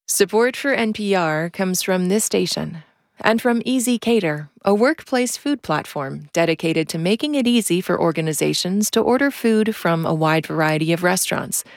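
Gravelly-voiced woman announcer. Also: mid-range voice, dry recording, clean studio sound. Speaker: network announcer. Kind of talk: sponsor announcements.

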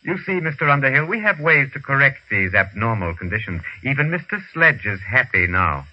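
An actor playing a polite, emotionless male servant robot in a 1950s radio drama, speaking in a calm, formal way. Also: mid-range voice, a little fast. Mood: coolly polite. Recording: lo-fi vintage radio recording.

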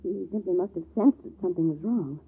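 An actress playing an anxious young wife in an old-time radio drama, speaking in a halting, nervous way. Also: female voice, fairly low pitch, slightly rough. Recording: lo-fi vintage radio recording.

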